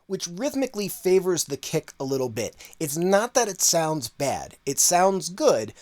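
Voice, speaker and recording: Dude walking thru a mix, chill and chatty, kinda higher voice for a guy. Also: a little slow, faint music behind. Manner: relaxed, conversational, lots of fillers like "kinda" and "like". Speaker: audio engineer teaching mixing. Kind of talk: casual tutorial walkthrough.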